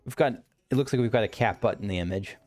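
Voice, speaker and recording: A man's voice: fairly low pitch, fast, darkish tone, soft background music. A man casually commentating while playing a game, chatty and amused, thinking aloud. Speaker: let's play host.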